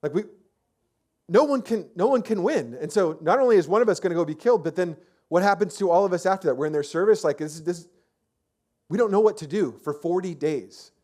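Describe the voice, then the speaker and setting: Casual chatty preacher man, slightly high voice. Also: expressive, a little fast, darkish tone. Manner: casual, chatty storytelling with many fillers and restarts. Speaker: pastor. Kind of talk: conversational sermon.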